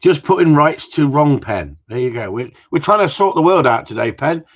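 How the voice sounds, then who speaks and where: Over dull, lo-fi livestream audio, a man hosts a live gundog Q&A, teasing and bantering with his viewers in a rambling, joking way. His voice sits on the high side with a sing-song lilt, moving at a normal speed.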